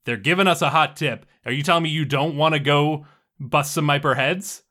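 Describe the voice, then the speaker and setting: A hot-tempered young woman crew leader, loud and exasperated, as a man puts her on in a tabletop game. Her voice jumps well above his usual pitch and she pushes hard with a bright, forceful edge. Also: fairly quick. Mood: angry.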